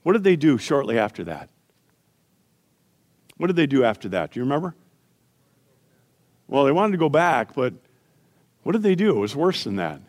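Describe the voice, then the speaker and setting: A middle-aged man preaching a sermon as pastor, earnest, climbing to emphatic peaks and then dropping to quiet storytelling. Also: mid-range voice, very animated, moderate pace, pauses often.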